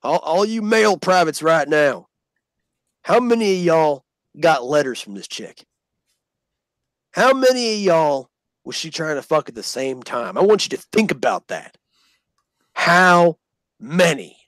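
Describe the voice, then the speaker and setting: A man with a Southern US accent voicing a furious short male drill sergeant who snarls his words slowly. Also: on the high side, big pitch swings, fairly bright tone, no room sound. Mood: lecturing. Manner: snarling, slow, menacing.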